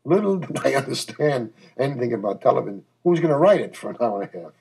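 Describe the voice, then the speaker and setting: An older man reminiscing in an interview, telling animated stories and acting out scenes. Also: mid-range voice, fast talker, creaky, breathy edge, low-quality recording. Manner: animated storyteller, acts out scenes.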